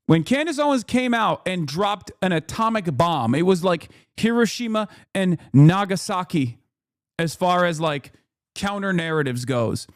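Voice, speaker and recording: A man's voice: sits high, expressive, a little slow, dry recording, studio quality. A man streaming a casual commentary rant, emphatic and profane, stumbling over fillers and restarts.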